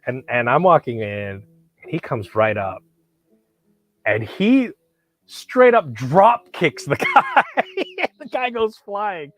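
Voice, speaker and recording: A man's voice: on the high side, huge pitch swings, slow pace, long pauses. A man vlogging about knives, telling a rambling, profane story with lots of restarts and bursts of animation. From Hollywood, California. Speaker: knife collector vlogger. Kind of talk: casual storytelling.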